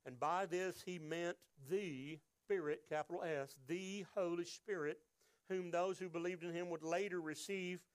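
A man's voice: high-pitched, steady tone, measured pace, no echo. A man preaching a sermon, reading scripture and acting out crowd voices with emphatic delivery. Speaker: pastor.

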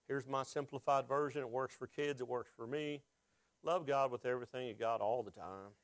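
A man's voice: mid-range voice, moderate pace, dry recording. A pastor preaching a sermon, asking the congregation questions and rising with emotion as he is moved.

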